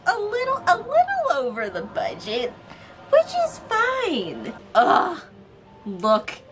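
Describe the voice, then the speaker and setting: A woman's voice: very high-pitched, huge pitch swings, takes it slowly. A woman streaming a game, reacting in a dramatic, pleading way with plenty of swearing. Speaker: gaming streamer. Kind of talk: emotional casual reaction vlog. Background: game music.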